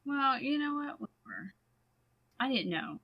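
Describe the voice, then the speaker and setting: A woman co-hosting a podcast, chatting casually with playful, quick reactions. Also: high voice, very animated, vocal fry, muffled recording. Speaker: podcast co-host. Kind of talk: casual chat.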